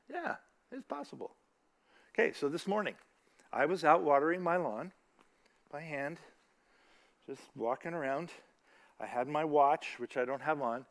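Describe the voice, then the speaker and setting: A middle-aged man gives a relaxed, conversational sermon, often asking his listeners questions and quoting scripture from memory. His voice is bright and forceful, pitched a bit above the usual for a man. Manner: chatty, asks the audience questions, recites scripture. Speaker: church speaker. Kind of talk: casual sermon talk.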